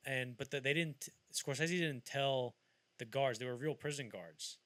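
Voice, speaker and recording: A man co-hosting a casual film podcast, rambling through anecdotes and acting out scenes in loud, high voices. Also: unhurried, dry recording. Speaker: podcast co-host.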